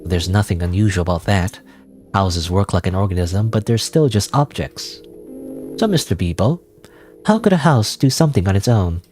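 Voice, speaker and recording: A man doing a formal, low-voiced detective. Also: expressive, normal speed, a little mellow, faint music behind. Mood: reasoning.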